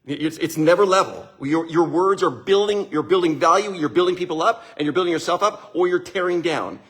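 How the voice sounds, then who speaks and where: A middle-aged man talking casually to an audience, with a slightly higher-than-usual voice. He tells stories with lively energy and acts out the voices of family members along the way. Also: a little fast. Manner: animated storyteller, acts out family dialogue. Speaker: host. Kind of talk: casual motivational talk.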